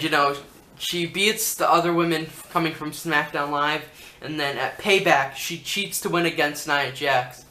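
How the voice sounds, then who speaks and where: A man rambling casually as a wrestling vlogger, pitching his own storyline ideas. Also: pushed and bright. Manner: rambling, chatty, lots of fillers. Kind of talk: casual fan commentary. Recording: roomy room echo, faint hum.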